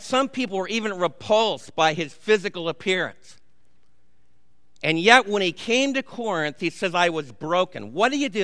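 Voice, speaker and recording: Pastor preaching, chatty storyteller, high clear voice, long reverb in a big sanctuary. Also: male voice, sharp tone. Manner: storytelling, conversational preaching with asides. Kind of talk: sermon. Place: church sanctuary.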